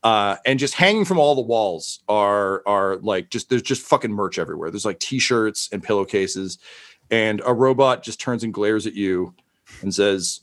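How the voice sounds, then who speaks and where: A man's voice: lowish voice, expressive, normal speed. A man narrating as game master in a rambling, profane, casual way.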